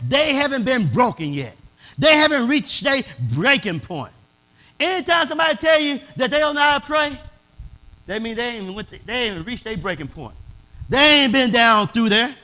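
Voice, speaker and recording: High, bright-voiced preaching pastor. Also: male voice. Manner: preaching in a dialect, swelling to shouts. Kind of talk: sermon.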